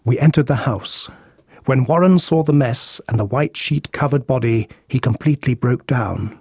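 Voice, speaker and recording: A man reading a detective story aloud in a steady, even narration. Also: mid-range voice, normal speed, husky, no echo, clean studio sound.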